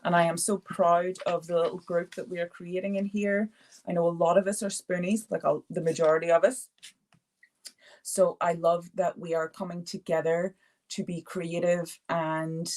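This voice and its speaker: A woman's voice: on the low side, level tone, moderate pace, darkish tone. A woman hosting a live art therapy stream, chatting casually, laughing often and answering viewer comments as she goes. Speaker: art therapy session host.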